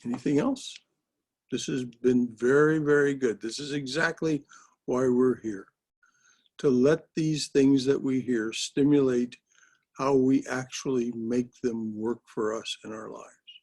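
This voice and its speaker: A man with a husky voice leads a spiritual discussion class. He speaks in a measured, affirming way and pauses often to search for words. He is heard over a video call. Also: medium pitch, fairly even intonation, darkish tone. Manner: affirming, measured and hesitant with fillers. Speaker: class leader.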